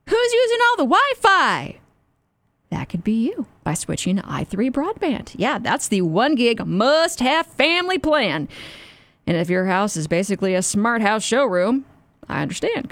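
A woman reads a radio commercial in a chatty, upbeat way. Her pitch moves a lot while her pace stays slow. The sound is dry and close. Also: no room sound. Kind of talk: scripted radio ad read.

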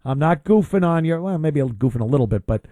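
A man's voice: a little high, animated, quick pace, warm tone, no room sound. A man hosting a call-in radio show, chatting and teasing callers in a joking way. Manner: teasing, joking, puts on silly voices. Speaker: radio talk show host.

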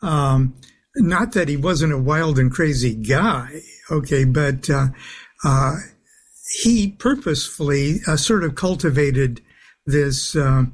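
A man speaking as a guest on a talk radio show, halting and full of filler sounds, with soft chuckles. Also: a little high. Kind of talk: phone-in talk radio interview.

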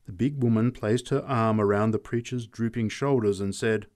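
A man's voice: lowish voice, normal speed, hardly any pauses. A man reading short stories aloud as narrator, acting out voices. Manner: expressive, acts out voices.

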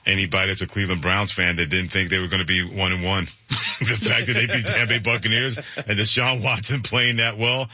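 A man hosting a sports talk radio show, energetic and chuckling. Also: fairly low pitch, brisk, no room sound, highs cut off.

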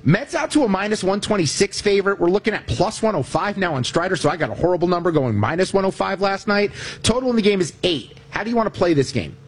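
A man's voice: sits high, animated, quick pace, husky. A man co-hosting a sports betting show, chatting easily about his plays. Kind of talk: casual betting talk.

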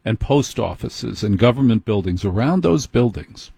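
A man hosting a show, speaking in a measured, emphatic monologue and listing things one by one. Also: on the low side, animated, gravelly, mellow, slightly rough, no room sound. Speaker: host. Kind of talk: slow deliberate monologue.

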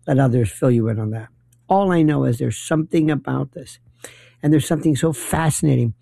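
Gravelly, rambling late-night radio host. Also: male voice, medium pitch, brisk, dark tone, no room sound. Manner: rambling, opinionated, wry. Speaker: radio talk show host.

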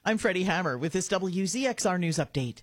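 A man reading a local radio news update, rattling off sports scores at a brisk clip. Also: sits high, lively intonation, dry recording.

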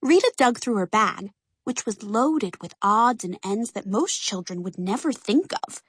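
A woman narrating a children's storybook aloud in an expressive, animated way. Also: mid-range voice, measured pace, slightly rough, no echo, clean studio sound.

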